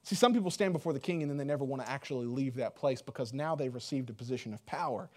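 A man's voice: medium pitch, fast talker, darkish tone. A man preaching a sermon in a loose, conversational way, joking and full of fillers. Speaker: pastor.

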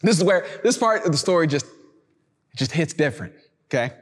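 High-voiced male preacher in a big hall. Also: animated, moderate pace. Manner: casual, conversational preaching with slang asides. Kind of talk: sermon. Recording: reverberant hall.

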